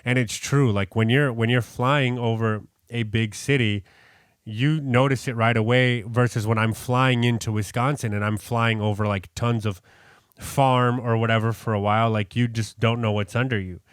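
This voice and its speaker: A man's voice: mid-range voice, steady tone, moderate pace, smooth, no echo. Earnest rambling man, dry close sound. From New York. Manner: rambling, self-correcting, earnest. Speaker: podcast co-host. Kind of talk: casual Bible study chat.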